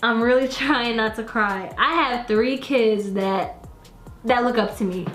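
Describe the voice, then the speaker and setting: A young mother of three who makes YouTube videos speaks earnestly in an emotional, casual vlog, defending herself while holding back tears. Her voice sits high with a fairly bright tone. The room is echoey, with faint music in the background.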